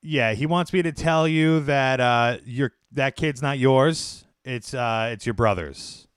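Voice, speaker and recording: A man hosting a prank call show, delivering bad news in a deadpan, hesitant way. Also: mid-range voice, slow, smooth, no echo, studio quality. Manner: deadpan and hesitant, many fillers.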